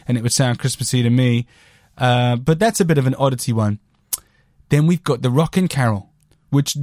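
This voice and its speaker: A man's voice: medium pitch, darkish tone, no echo, clean studio sound. A man hosting a podcast, chatting casually about a record in a rambling, jokey way with crude asides. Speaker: podcast host reviewing a record. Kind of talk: casual chat.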